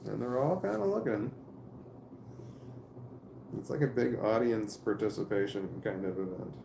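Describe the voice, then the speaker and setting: Gravelly-voiced man rambling in a roomy space. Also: on the low side, noisy background. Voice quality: rambling, halting, with frequent restarts and swearing. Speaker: vlogger. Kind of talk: casual spoken monologue to camera. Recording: roomy echo.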